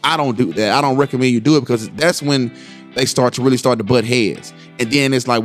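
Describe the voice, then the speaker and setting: A father in his thirties hosts a casual parenting podcast, telling family stories with energy, checking in with listeners often, and voicing his sons with big leaps in pitch. He talks a little fast over soft background music.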